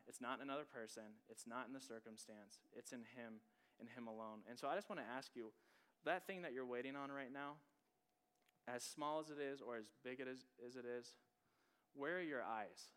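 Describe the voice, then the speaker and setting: Earnest young pastor with a smooth voice. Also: male voice, mid-range voice, brisk, fairly bright tone. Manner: earnest and conversational, with frequent "like" fillers and repeated key phrases. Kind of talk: sermon.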